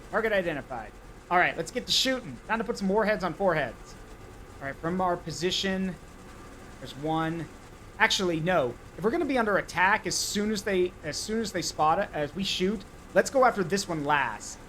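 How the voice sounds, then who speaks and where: A man's voice: sits high, expressive, moderate pace, fairly bright tone, slight background noise, low-quality recording. A man streaming live gameplay, talking himself through each step and getting frantic and swearing under pressure.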